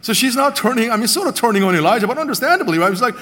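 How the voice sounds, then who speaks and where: A man preaches a sermon in a high, bright-edged voice, retelling a Bible story with animated storytelling. He slips into the voices of the characters as he goes. The sound carries a long reverb, as in a large hall. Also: very fast, few pauses.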